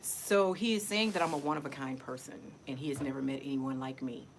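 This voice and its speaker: Middle-aged woman, low voice, rambling heartfelt vlog talk, noise behind her. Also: fairly even intonation, fairly quick, vocal fry. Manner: chatty, emotional, repeats herself. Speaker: vlogger. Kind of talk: casual personal vlog.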